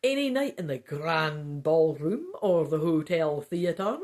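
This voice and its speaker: A woman voicing a thin, mustachioed male writer with a put-on Scottish accent and a lowered voice. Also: very animated, slow, darkish tone, full character voice. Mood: storytelling.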